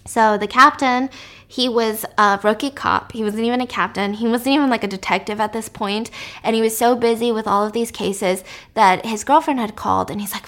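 A woman casually retelling the plot of a drama, animated and dropping to a whisper at tense moments. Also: medium pitch, brisk. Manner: animated, drops to a whisper for suspense. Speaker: storyteller recapping a drama. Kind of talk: casual storytelling recap.

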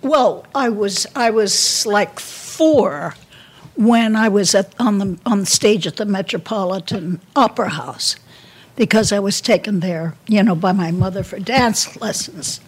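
An older woman, talking as a guest in an interview. Her voice is husky and breathy, and her pitch sits in an ordinary middle range for a woman. She reminisces candidly, breaking off and restarting her sentences as she goes. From New York. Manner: halting, with frequent restarts and repeated words. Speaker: guest, actress.

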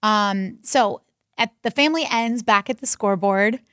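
A woman's voice: medium pitch, moderate pace, fairly bright tone, no room sound, studio quality. A woman co-hosting a podcast, chatting casually and telling stories with lots of "like" fillers. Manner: chatty, storytelling with many "like" fillers. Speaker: podcast co-host. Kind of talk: casual chat recapping a show.

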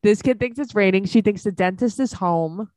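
A woman's voice: mid-range voice, moderate pace, warm tone, dry recording. A woman co-hosting a podcast, chatting casually and bluntly about a TV show. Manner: blunt, opinionated, frequent agreeing fillers. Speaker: podcast co-host. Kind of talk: casual chat recapping a TV show.

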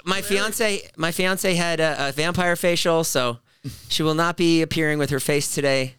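A man's voice: a little high, moderate pace, a bit bright, clear, resonant tone, no echo. A man hosting a podcast in casual chat, explaining things for the listeners. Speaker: podcast host.

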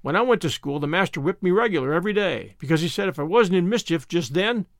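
A man's voice: sits high, expressive, fast, no echo, studio quality. A man doing a blunt, teasing old farmer.

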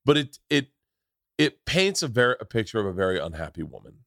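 A man's voice: on the low side, very animated, brisk, vocal fry, a bit bright, no room sound. Male podcast host, casual chat, profane rambling storyteller, dry sound.

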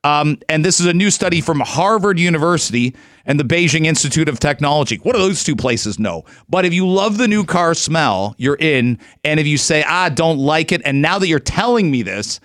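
A man's voice: a little high, expressive, fairly quick, a bit bright, no echo, clean studio sound. Chatty, joking male radio host. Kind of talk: casual radio talk. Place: radio studio.

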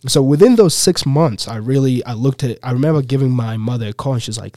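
A man's voice: medium pitch, a little fast, hardly any pauses, no room sound, studio quality. Young man from Uganda telling a story. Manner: animated, heavy use of "like" and "you know". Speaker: podcast guest. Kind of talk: casual storytelling.

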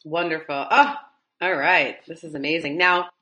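A woman with a Midwestern American accent hosts a podcast with a slightly low voice. She asks long, rambling questions and keeps voicing her enthusiasm. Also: steady tone, moderate pace, bright, forceful tone. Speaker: podcast host. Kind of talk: casual interview chat.

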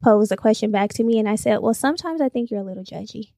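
A woman's voice: mid-range voice, fast, creaky, no room sound. Dry-voiced woman telling a story. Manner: animated storyteller, quotes dialogue, swears. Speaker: podcast guest. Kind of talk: casual chat.

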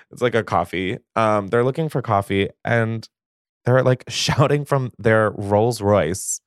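A man's voice: fairly low pitch, takes it slowly, no room sound, studio quality. A man hosting a podcast, reading stories aloud in a profane, gossipy manner, jittery from caffeine and laughing often. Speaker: podcast host.

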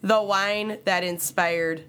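A woman co-hosting a casual podcast, blunt and quick to swear, sick with a cold. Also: medium pitch, fairly even intonation, fairly bright tone, clear, resonant tone. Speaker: podcast co-host. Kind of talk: casual chat.

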